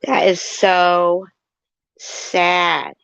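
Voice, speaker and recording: Woman, casual vlog, sentimental and rambling, gravelly voice, dull dry lo-fi sound. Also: fairly low pitch, flat delivery, very slow, fairly bright tone, no echo. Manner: sentimental, rambling, self-explaining. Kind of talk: casual vlog, reading a children's book aloud.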